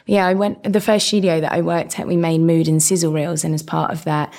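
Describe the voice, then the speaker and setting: Podcast guest: young woman, South East London accent, lowish voice, lively storyteller who laughs a lot. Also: brisk, gravelly. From England. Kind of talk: casual chat.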